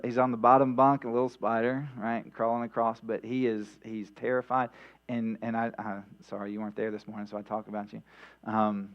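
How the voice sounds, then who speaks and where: A man preaching a midweek sermon in a church, talking conversationally with many "right?" asides and restarts. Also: on the low side. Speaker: pastor. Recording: dull lo-fi sound with mains hum.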